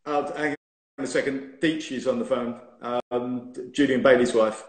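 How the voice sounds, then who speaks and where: A man's voice: medium pitch, moderate pace. A man in his fifties, a former racing driver, chatting as a guest on a live stream and telling stories with laughter and teasing. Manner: lively storyteller who laughs and teases. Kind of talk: casual chat on a live stream. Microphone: phone or laptop mic on a video stream. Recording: roomy echoey room on a phone mic.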